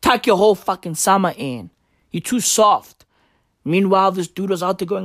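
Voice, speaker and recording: A woman's voice: medium pitch, normal speed, no echo, studio quality. A woman doing a rambling, profane comic monologue in a slangy dude persona.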